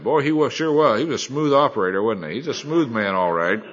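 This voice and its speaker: A man's voice: medium pitch, animated, fast talker, a bit bright, dull audio. A middle-aged man, a Bible teacher, preaching a sermon in a folksy, colloquial storytelling manner.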